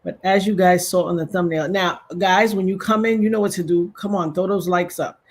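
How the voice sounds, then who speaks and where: Husky-voiced woman hosting a live stream. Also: on the low side, steady tone, a little fast. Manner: effusive and churchy, praising God; addresses viewers directly, rallying likes. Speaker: livestream host. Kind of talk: casual livestream chat.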